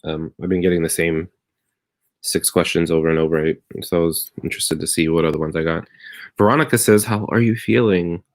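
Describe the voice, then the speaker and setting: A man's voice: low-pitched, steady tone, brisk. A comedian telling a rambling personal story on a live stream from his bedroom at home, wry at moments and tender at others. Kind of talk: casual confessional monologue.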